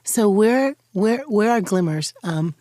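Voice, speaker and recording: An older woman, a pastor and host, telling animated stories in a reflective conversation and acting out the voices in them. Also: medium pitch, slow, no room sound, studio quality.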